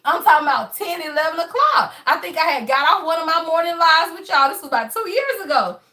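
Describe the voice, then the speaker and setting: Woman, tarot reader, high voice, animated, profane. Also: quick pace. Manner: animated, profane storytelling, constantly addressing viewers as y'all. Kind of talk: casual tarot reading to viewers.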